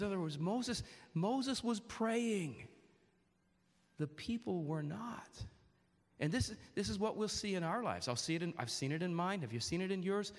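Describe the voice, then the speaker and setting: A man's voice: high voice, big-room sound. A man preaching a sermon earnestly, asking his congregation questions and restarting his phrases often.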